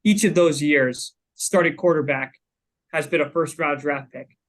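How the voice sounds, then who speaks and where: A man's voice: on the high side, unhurried, fairly bright tone, poor audio. A man co-hosting a sports podcast, talking casually with lots of filler words. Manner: chatty, lots of "you know" fillers. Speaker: podcast co-host.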